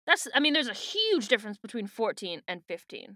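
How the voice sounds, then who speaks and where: A woman's voice: fairly high pitch, sing-song, fairly quick, sharp tone, no room sound, studio quality. A woman co-hosting a podcast in casual book-club chat, talking with lots of fillers and offhand swearing. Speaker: podcast co-host.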